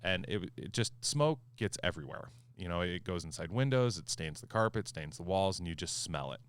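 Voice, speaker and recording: A man hosting a podcast, a property manager telling a story in a casual, animated way and acting out the quoted back-and-forth. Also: low voice, brisk, clean tone, no echo. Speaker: HOA manager and podcast host.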